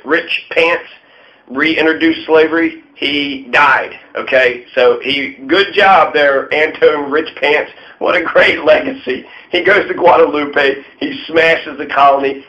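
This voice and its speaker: A man's voice: medium pitch, a bit bright. A man giving a profane, irreverent casual history monologue, full of mocking asides. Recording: dull lo-fi sound.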